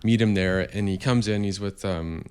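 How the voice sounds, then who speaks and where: A Canadian vintage store owner, appearing as a podcast guest, tells a story casually in a smooth, fairly low, darkish voice at a normal pace. He rambles and hesitates, with many fillers and restarts.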